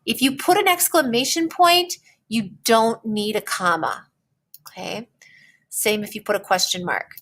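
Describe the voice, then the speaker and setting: Slow, patient woman teacher. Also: on the high side, fairly bright tone. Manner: slow, patient explaining with frequent "okay?" check-ins. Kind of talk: classroom writing lesson.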